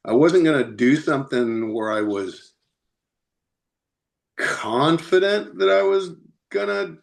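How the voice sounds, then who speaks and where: A man guest on a podcast, telling a road story in a chatty, animated way and laughing often. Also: on the high side, takes it slowly, creaky. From United States. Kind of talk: casual storytelling.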